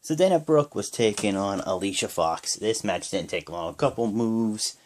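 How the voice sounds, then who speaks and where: A young man giving a casual, rambling play-by-play recap of a wrestling show, jumping into high yells when he acts out the wrestlers' lines. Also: expressive, moderate pace, a little hiss or hum. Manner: rambling with many fillers.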